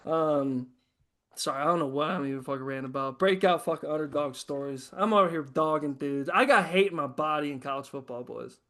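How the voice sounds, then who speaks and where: High-voiced man on a profane rant. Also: fairly quick. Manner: profane, ranting, excitable. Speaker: host. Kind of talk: casual podcast chat.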